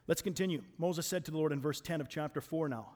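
A man preaching a sermon in a conversational way, often restarting and repeating words, and moving between raised emphasis and quiet asides. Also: fairly high pitch, fast talker.

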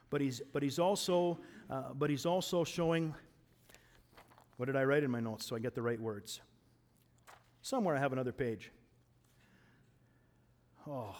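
Male preacher, fairly high voice, chatty sermon delivery, swings between loud emphasis and soft asides. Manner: conversational, repeats words when restarting.

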